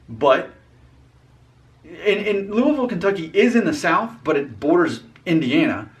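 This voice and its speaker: Speaking in a high, sing-song voice at an unhurried pace, this young man from Alabama hosts a vlog. He explains things casually, rambling and teasing in an easygoing manner, and his voice comes through slightly off-mic.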